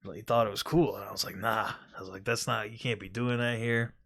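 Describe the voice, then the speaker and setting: Male host with a gravelly voice; loose, profane, restart-heavy anecdote telling. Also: fairly low pitch, fairly even intonation, quick pace, fairly bright tone, dry recording, clean studio sound. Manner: rambling, profane, with many restarts and quoted dialogue. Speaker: gaming video host. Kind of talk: casual storytelling monologue.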